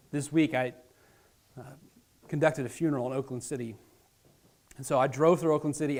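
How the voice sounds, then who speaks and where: A pastor with a mid-range voice preaches a sermon, earnest and dramatic, addressing his listeners directly. He swings between loud emphasis and hushed near-whispers.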